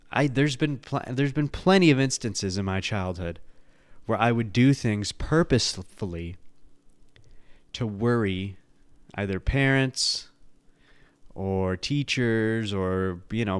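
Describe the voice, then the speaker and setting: Animated, swearing man telling stories. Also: lowish voice, slow pace, clear, resonant tone, no echo. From the Bronx, New York. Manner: animated, profane, laughing at his own stories. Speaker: podcast host. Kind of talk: casual storytelling.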